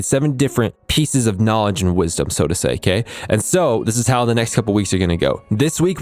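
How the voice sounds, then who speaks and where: Low-voiced man retelling a story casually. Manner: animated retelling with lots of fillers. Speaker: music production channel host.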